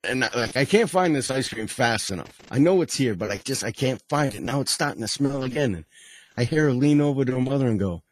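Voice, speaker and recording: A man's voice: medium pitch, lively intonation, fast, no echo, low-quality recording. A man spins a rambling comic story as a podcast host. His voice sits in a mid range, and he often breaks into chuckles and trips over his sentences. The recording is dry and close, with no room sound. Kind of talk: casual comedic storytelling.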